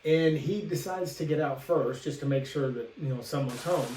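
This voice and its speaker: A man's voice: fairly high pitch, normal speed, darkish tone, distant mic. Man telling a story in a roomy echo. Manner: rambling, acts out the characters' lines. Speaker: podcast co-host. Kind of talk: casual storytelling chat. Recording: roomy echo, away from the mic, faint hiss.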